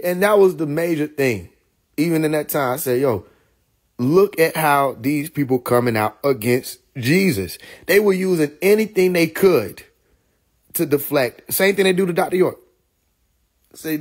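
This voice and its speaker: Young man with a husky voice hosting a casual live stream, animated and quick to laugh. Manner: animated, laughs often, mimics others in higher voice.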